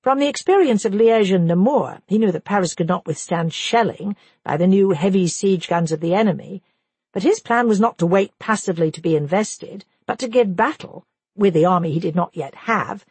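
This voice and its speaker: Husky-voiced woman narrating an audiobook. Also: mid-range voice, lively intonation, moderate pace, darkish tone, no echo. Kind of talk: scripted narration.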